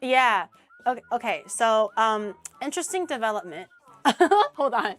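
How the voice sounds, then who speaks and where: A young woman from Canada with a slightly high voice chats while she cooks. She talks animatedly, laughs often and swears casually. Faint music plays behind her. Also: lively intonation, a little slow, fairly bright tone. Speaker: streamer hosting a cooking collab. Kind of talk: casual chat while cooking.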